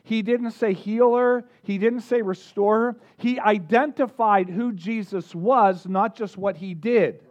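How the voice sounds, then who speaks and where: A man preaching a sermon, energetic, drawing the congregation in with questions and call-outs. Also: high-pitched, unhurried, hardly any pauses, dull audio. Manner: energetic, engages the audience with questions. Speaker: pastor.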